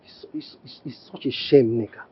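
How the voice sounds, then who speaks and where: A man's voice: high-pitched, lively intonation, fast talker, slightly rough, no echo. A Nigerian actor playing a stern husband who warns and scolds his wife in a film drama. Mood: reproachful. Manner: stern, warning, indignant. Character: angry protective husband, adult man. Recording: slightly muffled dry film audio with faint music.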